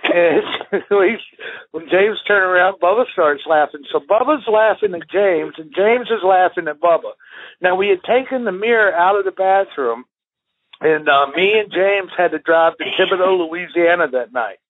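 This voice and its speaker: The clip is casual storytelling from a man who's a retired pro wrestler, meandering through anecdotes and often breaking into laughter. He speaks at a moderate pace in a high-pitched voice with a breathy edge, heard through thin, phone-like sound.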